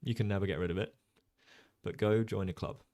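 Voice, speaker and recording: Low-voiced chatty man commentating chess. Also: fairly quick, dry recording, studio quality. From Jersey. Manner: relaxed, chatty, many ums, reads chat aloud. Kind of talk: casual livestream commentary.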